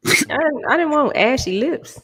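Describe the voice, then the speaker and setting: A woman's voice: high-pitched, lively intonation, normal speed, fairly bright tone. A woman co-hosting a morning show, giggly and easygoing in casual banter. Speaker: co-host.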